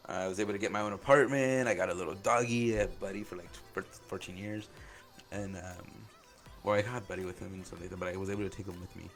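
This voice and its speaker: Male podcast host, very low voice, halting and openly emotional storytelling. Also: steady tone, faint music behind. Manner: halting, full of "like" and "um" fillers. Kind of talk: personal storytelling.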